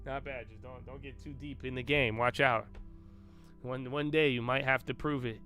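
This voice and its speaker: A young man with a medium-pitched, sharp voice, fairly even intonation and moderate pace hosts a live trading stream, with faint music behind him. Loose and cocky, he brags, swears and banters with his chat in a casual way.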